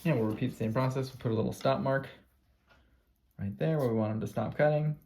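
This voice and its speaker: A man teacher giving a calm, step-by-step classroom craft demonstration, repeating his cues. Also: mid-range voice, fast, background noise.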